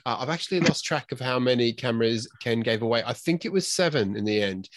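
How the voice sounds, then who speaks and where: A man's voice: medium pitch, animated, quick pace, no echo. A man hosting a podcast in casual chat, reading listener entries aloud and often tripping over his words with a self-deprecating manner. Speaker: podcast host.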